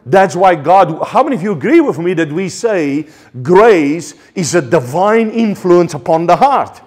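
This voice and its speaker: A man's voice: sits high, very animated, unhurried. Passionate South African preacher man. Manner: passionate, repetitive, with stammered restarts. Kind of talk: sermon.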